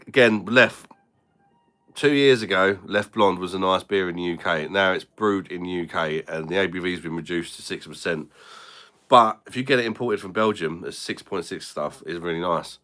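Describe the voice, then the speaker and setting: Host, low and bright-toned, blunt, swears freely, banters with chat. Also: male voice, moderate pace. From Britain. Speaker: beer reviewer hosting a live stream. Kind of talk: casual live-stream chat.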